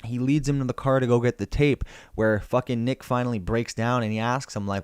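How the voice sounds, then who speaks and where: A man's voice: medium pitch, steady tone, a little fast, hardly any pauses, clean tone, no echo, clean studio sound. A young man casually recapping a film plot, swearing freely and rambling as he tells it. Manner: profane, rambling storyteller. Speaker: film reviewer.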